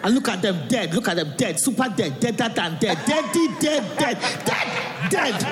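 A woman's voice: fairly high pitch, animated, normal speed, music in the background, crowd noise, natural voice. A man voicing an overprotective mother who warns grimly and repeats herself. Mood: ominous warning. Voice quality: theatrical, repetitive, grim. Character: overprotective Nigerian mother, dramatic, doom-warning. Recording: live stand-up in a reverberant hall with room noise.

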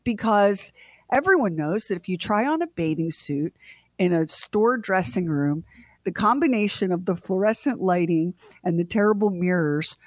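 A middle-aged woman co-hosting a radio show, telling a funny story in a casual, animated way with laughing asides. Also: lowish voice, moderate pace, no echo.

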